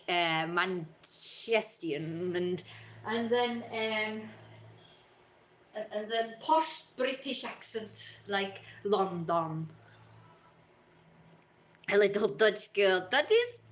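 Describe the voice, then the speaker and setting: A woman's voice: mid-range voice, fairly bright tone. A woman live streaming in a playful, theatrical persona, slipping in and out of put-on accents and dropping into whispered asides.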